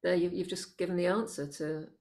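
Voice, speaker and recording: Low, gravelly woman host. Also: brisk. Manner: relaxed, agreeable, prone to laughter. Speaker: podcast host. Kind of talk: casual interview.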